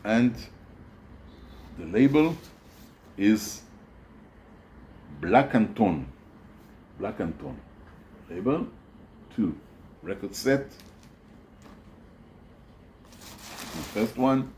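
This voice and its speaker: Slow, low-voiced hesitant man. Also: lively intonation, dark tone, slight background noise. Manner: hesitant, many fillers and restarts. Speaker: record collector showing his collection. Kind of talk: casual show-and-tell video.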